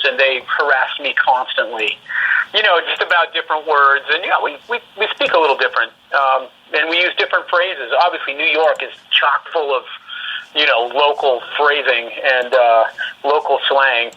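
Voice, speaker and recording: Bright, husky Western Canadian man on a phone line. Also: mid-range voice, normal speed. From British Columbia, Canada. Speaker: podcast guest, musician. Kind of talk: casual podcast chat. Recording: raspy, dull phone-line audio.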